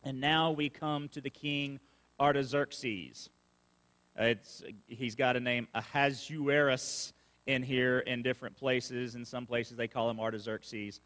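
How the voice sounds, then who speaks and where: A man's voice: mid-range voice, fairly even intonation, normal speed, hardly any pauses, a bit bright. A male pastor preaching a sermon and reading scripture, with folksy, conversational asides. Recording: long reverb of a church hall.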